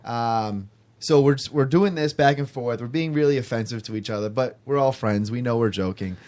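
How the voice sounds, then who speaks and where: A man's voice: mid-range voice, normal speed, a little mellow. A man telling a story in casual podcast chat, rambling with frequent restarts and fillers.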